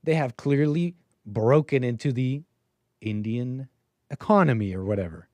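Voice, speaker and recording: A man's voice: medium pitch, moderate pace, a little mellow, no echo. A man hosting a call-in show, delivering a rambling, stop-start commentary monologue as he thinks aloud and mutters asides.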